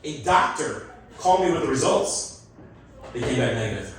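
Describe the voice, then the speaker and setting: A man's voice: medium pitch, animated, moderate pace, over a noisy crowd. A man doing a stand-up comedy set, chatty and self-deprecating, often laughing at his own jokes. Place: comedy club stage. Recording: roomy echo, voice from a distance. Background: audience laughter and call-backs.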